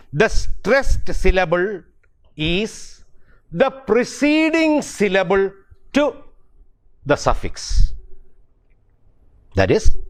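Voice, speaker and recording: A middle-aged man with an Indian English accent teaching pronunciation, spelling words out letter by letter and repeating key words. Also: high voice. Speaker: university English professor. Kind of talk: pronunciation lecture.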